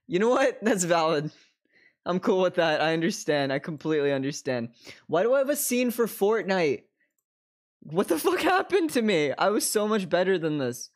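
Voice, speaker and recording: A young man talking to his stream from a desk at home, his pitch leaping up and down with lively energy. He swears constantly, breaks into laughs often, and slides in and out of put-on accents as he rambles. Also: normal speed. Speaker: live streamer. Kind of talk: casual stream chat.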